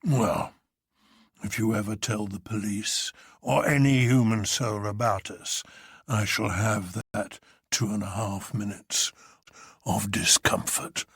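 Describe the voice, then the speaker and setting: A man's voice: lowish voice, fairly even intonation, slow, vocal fry, husky, no echo, clean studio sound, voice pushed down, exaggerated voice. A man voicing a huge, commanding older man who presides over an anarchist council, drawling with grand mockery.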